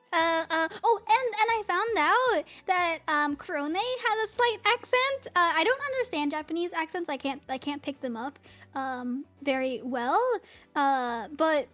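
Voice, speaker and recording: A woman with a very high voice and a light New England accent, chatting with her livestream audience. She rambles and giggles a lot, and soft music plays faintly behind her. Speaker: streamer. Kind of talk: casual livestream chat, reading chat.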